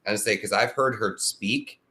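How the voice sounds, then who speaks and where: A podcast host chatting in a relaxed, rambling way, with many "um"s and restarts. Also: mid-range voice, quick pace. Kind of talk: casual podcast chat.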